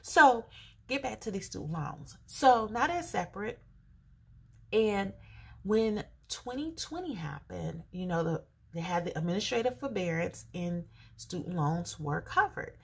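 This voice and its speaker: Woman vlogging, husky gravelly voice, acting out her phone calls as she tells the story. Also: mid-range voice, measured pace. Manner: animated, acts out both sides of phone calls. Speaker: personal finance vlogger. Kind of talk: casual storytelling to camera.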